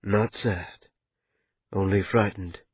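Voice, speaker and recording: Tired, frightened young man voiced by the narrator, quiet and low, husky, muffled sound. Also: steady tone, takes it slowly, no room sound, exaggerated voice. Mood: subdued. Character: weary, frightened young man, reluctant leader.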